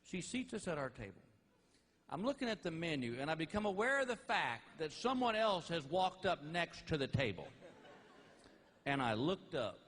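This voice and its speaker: A middle-aged man telling stand-up stories about his family in a folksy, animated way, laughing at his own jokes. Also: fairly high pitch, normal speed. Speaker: stand-up comedian. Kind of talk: stand-up storytelling. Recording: live comedy album with faint noise.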